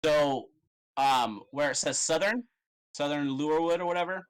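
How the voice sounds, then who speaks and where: A man's voice: a little high, normal speed, smooth, poor audio. A man narrating as game master in a casual, rambling way with many fillers.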